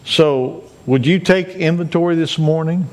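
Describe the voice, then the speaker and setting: A man's voice: a little high, measured pace. A male pastor preaching a sermon, earnest and repeating his points to urge listeners. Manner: earnest, repetitive exhortation.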